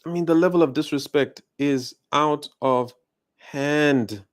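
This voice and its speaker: A man's voice: fairly high pitch, takes it slowly. A South African man with a South African accent giving an indignant video commentary, firing off rhetorical questions.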